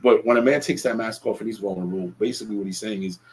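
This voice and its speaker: A man's voice: on the low side, racing, poor audio. A man hosting a solo podcast, talking earnestly and reflectively, often restarting his phrases. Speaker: podcast host.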